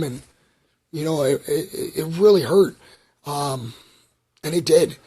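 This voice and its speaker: Talking slowly in a husky voice on the high side, a middle-aged vlogger from Canada chats casually on a livestream. He's rambling and confessional, full of fillers and remarks aimed at viewers.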